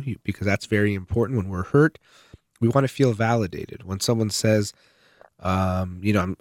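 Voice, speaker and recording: A man's voice: fairly low pitch, a little mellow, no room sound. A man giving unscripted advice on relationships in an earnest, explanatory way, leaning on key words.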